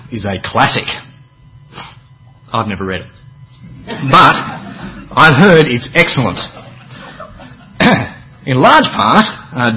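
A man's voice: mid-range voice, bright, forceful tone, a little hiss or hum, poor audio. A man preaching a sermon in a conversational, wry way, with dramatic emphasis and offhand asides.

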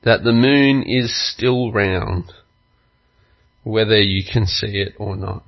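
Slow, earnest male pastor preaching. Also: on the low side, creaky, dull audio. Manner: slow, earnest storytelling with acted quotes. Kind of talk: sermon.

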